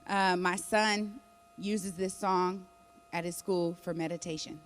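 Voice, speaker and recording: A woman's voice: lowish voice, steady tone, slow pace. A woman co-hosting a live morning show on a theater stage, talking in a heartfelt, effusive way.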